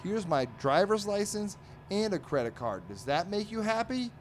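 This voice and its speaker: A man's voice: mid-range voice, very animated, moderate pace, slight background noise, pitched above the performer's own voice, close to an everyday voice. A man voicing an exasperated, grumpy suburban husband from a comic strip, indignant and fed up.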